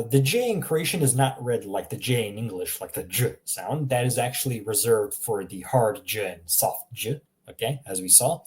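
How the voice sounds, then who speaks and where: A man giving a casual language lesson, saying example words again and again in a relaxed way with small laughs. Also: mid-range voice. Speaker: language teacher.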